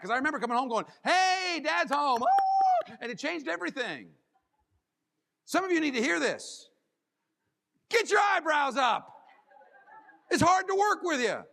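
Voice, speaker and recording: A man giving a keynote as a motivational speaker, animated and acting out little scenes and voices. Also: high voice, long reverb tail. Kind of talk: keynote speech. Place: large conference hall.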